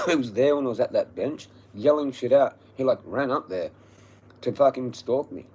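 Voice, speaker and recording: An Australian man on a livestream, telling a story as an angry, profane rant that swings between low muttering and loud yelling. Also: moderate pace, a little hiss or hum, low-quality recording. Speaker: livestream host.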